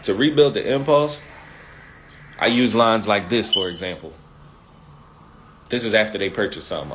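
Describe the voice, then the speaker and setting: A man with a fairly low voice coaches listeners on selling, animated and full of slang. He keeps repeating his key phrases. A faint hiss sits behind him. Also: moderate pace, long pauses. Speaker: sales coach.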